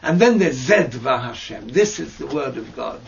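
A man teaching mystical texts in a slow lesson over a video call, hesitant and searching for words with fillers and restarts. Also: very animated, creaky. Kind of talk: slow explanatory lesson with many pauses. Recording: dull low-fi audio with faint noise.

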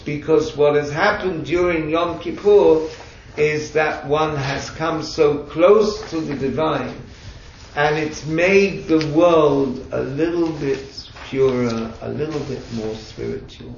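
A man's voice: a little high, slow, vocal fry, a little hiss or hum. A man teaching a group, explaining patiently with chatty asides. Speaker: religious teacher. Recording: echoey room, distant mic, dull sound.

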